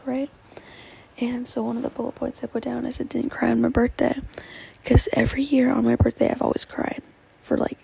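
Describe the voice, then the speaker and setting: Gravelly teen girl rambling softly. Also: fairly high pitch, rough recording. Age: teens. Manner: rambling, many fillers, often dropping to a whisper. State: tearful. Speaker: podcast host. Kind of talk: solo podcast chat.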